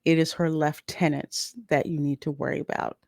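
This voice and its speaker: Low-voiced, blunt woman streamer. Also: level tone, normal speed, gravelly, darkish tone, no room sound, studio quality. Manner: blunt, opinionated, emphatic repetitions. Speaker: YouTube channel host reading live chat. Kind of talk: casual live-stream review commentary.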